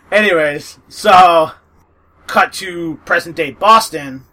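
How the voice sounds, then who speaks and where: Bright-voiced man rambling casually. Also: a little high, slow, poor audio. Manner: rambling, lots of fillers and profanity, laughs often. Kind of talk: casual book recommendation chat.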